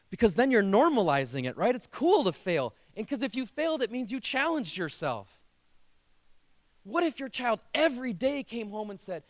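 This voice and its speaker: A man's voice: high-pitched, big pitch swings, normal speed, dry recording. A man who teaches speech, giving a motivational keynote to parents and telling stories in an earnest, emotional and emphatic way.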